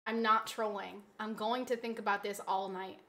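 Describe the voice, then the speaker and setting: A woman streamer in casual live-stream chat, pleading dramatically with her viewers and swinging from soft begging to loud shouting. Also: mid-range voice, steady tone, moderate pace.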